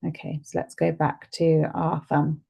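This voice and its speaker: Calm woman with a gravelly low voice. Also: a little slow. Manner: calm, gentle, repeats phrases for the listener. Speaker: EFT tapping guide. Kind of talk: guided tapping session.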